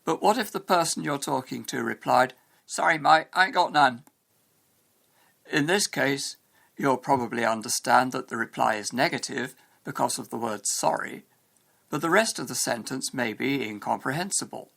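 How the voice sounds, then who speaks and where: A man giving a scripted lesson in a measured, explanatory way. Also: mid-range voice, gravelly, fairly bright tone. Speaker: English teacher. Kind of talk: scripted educational narration.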